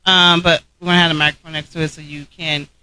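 A woman's voice: sits low, flat delivery, fast, pushed and bright, smooth, low-quality recording. A woman co-hosting a casual podcast, joking crudely and bursting into laughter. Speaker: co-host.

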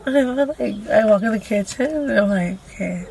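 Animated, cussing young woman guest, gravelly edge, faint hiss. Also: mid-range voice, moderate pace. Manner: animated, profane storyteller. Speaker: podcast guest. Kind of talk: casual chat. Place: inside a parked car. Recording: faint background noise in a car.

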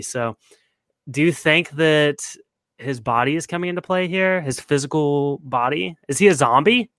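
In a dry recording, a podcast co-host with a mid-range, fairly bright voice talks casually while analytically working through his theories one step at a time.

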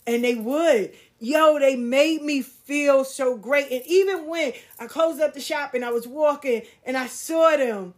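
A middle-aged woman telling a personal story, candid and animated, swearing casually and using slang. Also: high voice, measured pace, few pauses. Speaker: podcast host.

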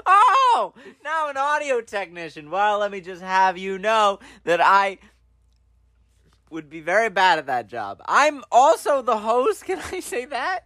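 Excitable, animated young man co-host. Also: a little slow, no room sound, studio quality. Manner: excitable, jokey, laughs a lot, pitch jumps high when indignant. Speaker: podcast co-host. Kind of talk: casual podcast banter.

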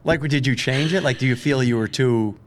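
A man's voice: mid-range voice, fairly quick, background noise. A man hosting a podcast, interviewing a guest with chatty, encouraging remarks. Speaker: podcast host. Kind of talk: conversational interview.

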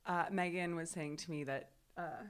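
A woman's voice: on the low side, normal speed. Laughing, rambling woman playwright. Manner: animated, laughing, rambling with restarts. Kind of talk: casual conversation about rehearsals.

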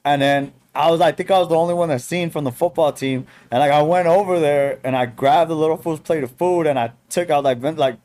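A man's voice: fairly high pitch, a little fast, few pauses, a little mellow. A young man co-hosting a podcast, telling stories in casual slang with lots of fillers. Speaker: podcast co-host. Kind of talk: casual chat.

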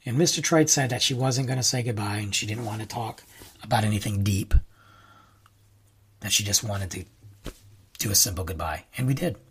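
A man hosting his own show, telling a rambling personal story in a casual, animated way that jumps high for excited reactions. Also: brisk, pauses often, a little hiss or hum. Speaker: podcast host.

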